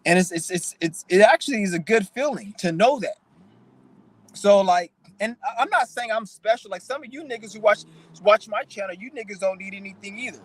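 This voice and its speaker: A man's voice: high voice, a little fast, low-quality recording. A young man hosting his own channel, ranting bluntly and profanely in a preachy, emotional way. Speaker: channel host. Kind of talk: casual vlog rant.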